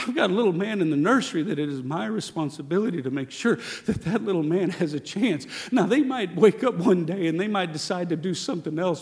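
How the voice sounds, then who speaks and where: Young male pastor, gravelly, whisper-to-shout delivery, reverberant church hall. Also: fairly high pitch. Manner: swings from hushed whispers to shouted exhortation. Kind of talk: sermon.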